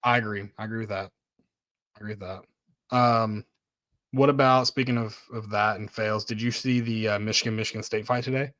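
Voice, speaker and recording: A man's voice: fairly low pitch, fairly even intonation, fairly quick, a bit bright, dry recording, clean studio sound. A young man co-hosting a casual sports podcast, easygoing and asking questions. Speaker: podcast co-host.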